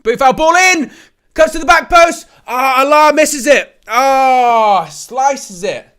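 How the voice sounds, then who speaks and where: Excitable high-voiced bright male commentator. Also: slow. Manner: excitable, jokey, laughs often, rises to shouts at near-misses. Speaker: host of a live match watch-along. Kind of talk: live play-by-play commentary and chat.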